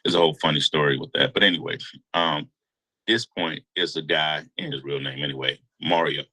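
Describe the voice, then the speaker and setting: A man telling a long story in a casual interview, animated and slangy. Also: extremely low pitch, fairly quick, poor audio. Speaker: guest storyteller.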